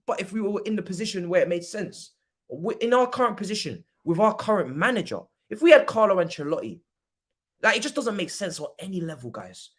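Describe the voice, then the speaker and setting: A young man hosting a football watchalong stream, talking casually in slang and breaking into loud mock-outraged rants. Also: sits high, very animated, fairly quick. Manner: laid-back football opinions. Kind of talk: casual livestream chat.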